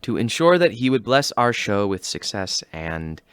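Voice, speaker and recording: A man's voice: on the low side, sing-song, normal speed, a bit bright, clean tone, no echo. A man playing a flustered theater director in a comedy sketch.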